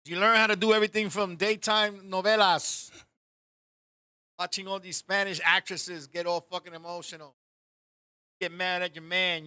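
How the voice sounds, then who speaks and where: Casting note: a loud, joking male host, high voice with a hard, bright edge, cursing freely. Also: normal speed, clean tone. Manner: profane, animated, joking. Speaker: podcast host. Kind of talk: comic storytelling on a talk show.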